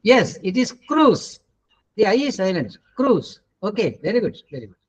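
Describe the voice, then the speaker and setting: A man's voice: high-pitched, very animated, normal speed, breathy edge. A middle-aged man with an Indian English accent teaching pronunciation in an online class, patient and correcting students, with many hesitant fillers. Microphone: video call. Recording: dull lo-fi webinar audio.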